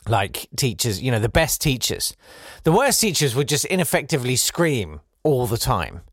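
Sardonic man, lively delivery. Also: medium pitch, moderate pace, no echo, clean studio sound. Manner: sardonic, swinging from loud to quiet for effect. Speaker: comedy podcast host. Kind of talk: satirical comedy monologue.

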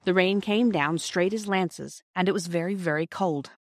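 A woman reading a classic children's storybook aloud in a gentle, measured way. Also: fairly low pitch, dry recording, clean studio sound. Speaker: audiobook reader. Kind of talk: storybook narration.

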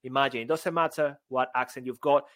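A man's voice: medium pitch, fairly even intonation, fairly quick, no echo. Playful man with a dry, close sound. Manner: jokey, bursts into song and shouts. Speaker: podcast co-host, speaking coach. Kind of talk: playful podcast banter.

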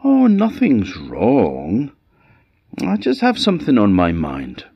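A man with a Scottish accent voicing a kind, worn-out young woodcutter who speaks up high and hesitant. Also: wildly swooping pitch, slow, gravelly, slightly rough, no echo, lo-fi sound, exaggerated voice.

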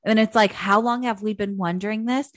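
A woman's voice: mid-range voice, steady tone, brisk, dry recording. A woman co-hosting a podcast in casual chat, emphatic, gossipy and profane. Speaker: podcast co-host.

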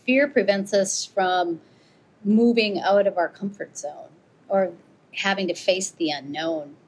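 A woman's voice: mid-range voice, a little slow, poor audio. A middle-aged American woman, an avalanche rescuer and author, telling her story in an interview and acting out the quoted exchanges. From United States. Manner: animated, acts out quoted exchanges.

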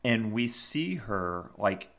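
Man with a lowish voice, casual co-host. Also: very animated, slow pace, a bit bright. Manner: rambling retelling full of fillers. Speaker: podcast co-host. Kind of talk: casual chat.

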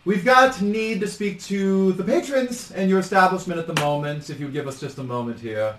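A man voicing an officious woman who leads a group of robed mages; she speaks in a formal, drawn-out way. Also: sits high, a bit bright, voice pushed up. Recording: roomy, distant mic, faint noise.

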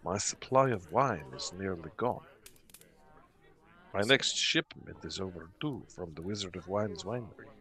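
A man's voice: fairly low pitch, big pitch swings, slow, a bit bright, heavily acted. A man voicing a friendly bearded innkeeper who speaks in a formal, courteous way. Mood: guarded. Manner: formal, courteous, slightly old-fashioned phrasing. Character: friendly bearded male innkeeper, proud of his family wine.

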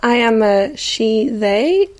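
A woman's voice: fairly high pitch, animated, slow, a little mellow. A woman with an English accent, a podcast guest who chats casually and laughs at herself. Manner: chatty, self-deprecating, laughs often. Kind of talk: casual interview chat.

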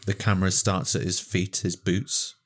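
Deep-voiced man riffing on films. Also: moderate pace. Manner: animated, spins ideas. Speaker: podcast co-host. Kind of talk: casual film chat.

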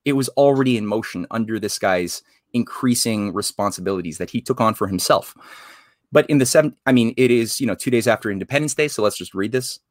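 A man's voice: lowish voice, quick pace, no room sound, clean studio sound. A man from Canada, a guest in a casual interview, explaining at length in an earnest, winding way.

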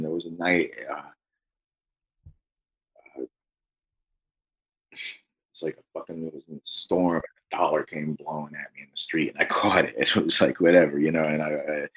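A man's voice: rumbling low, moderate pace, breathy edge, highs cut off. A man guest, an author, telling a rambling personal story in casual chat, swearing constantly.

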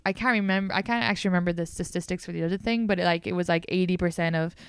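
A woman's voice: lowish voice, very fast, smooth, no room sound, clean studio sound. A woman hosting a podcast, chatting in a rambling, casual way with lots of fillers. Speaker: podcast host. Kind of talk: casual chat.

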